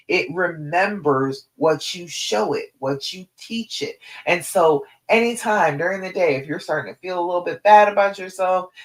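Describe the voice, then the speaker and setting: A woman love coach giving a live-streamed coaching talk, direct and encouraging, often checking in with "okay?" between points. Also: fairly low pitch.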